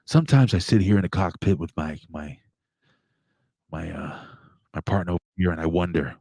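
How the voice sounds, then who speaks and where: A man's voice: low voice, normal speed, vocal fry, a little mellow, breathy edge, no room sound, clean studio sound, exaggerated voice. A man imitating a frustrated airline pilot who rambles through his cabin announcements with many hesitations. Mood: weary rambling. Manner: hesitant, full of uhs, weary complaining announcements.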